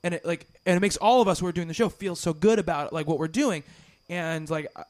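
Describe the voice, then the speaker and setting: A man's voice: fairly high pitch, quick pace. A man hosting a podcast in casual chat, rambling with many restarts and fillers. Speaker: podcast host.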